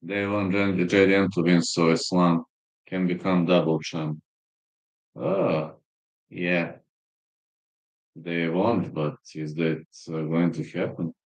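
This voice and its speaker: A man hosts a casual live stream and reacts to viewer comments. His voice sits very low and his delivery is slow and unhurried, with filler pauses. He is blunt and crude, and he swears freely. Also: steady tone. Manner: blunt and crude, with frequent profanity. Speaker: livestream host.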